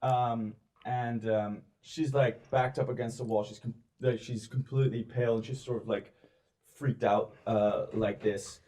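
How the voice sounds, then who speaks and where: A man in the role of game master, describing a scene for his players. He speaks casually and haltingly, with frequent ums and likes, at a middling pitch. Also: steady tone, dark tone. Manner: hesitant, filler-heavy narration. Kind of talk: narrating a tabletop game.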